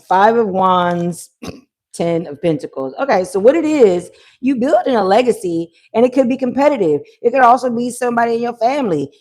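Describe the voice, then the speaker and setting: Animated slangy woman reading tarot. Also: mid-range voice. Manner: animated, slangy, swearing, bursts of laughter. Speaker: tarot reader. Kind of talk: live-stream tarot reading. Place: at home near a pool, kids heard.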